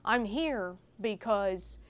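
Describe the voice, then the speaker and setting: A woman guest on a casual podcast, telling a story in a warm, animated way. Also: mid-range voice, very slow, clear, resonant tone. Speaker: film festival organizer guest.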